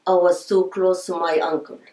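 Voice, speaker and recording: A woman's voice: on the low side, flat delivery, normal speed, a little mellow. Older woman recalling her life, echoey room. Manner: reminiscing, storytelling with quoted voices. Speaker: interviewee. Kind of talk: oral history interview.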